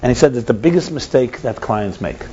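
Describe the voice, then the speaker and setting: A man teaching a text study class as a rabbi, animated, repeating and restarting words and mixing Hebrew terms into his explanations. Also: mid-range voice, a little fast, dull audio, slight background noise.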